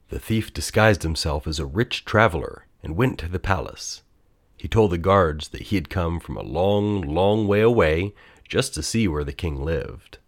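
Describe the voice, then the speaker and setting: A man narrating a children's storybook aloud in a gentle, expressive way. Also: deep voice, moderate pace.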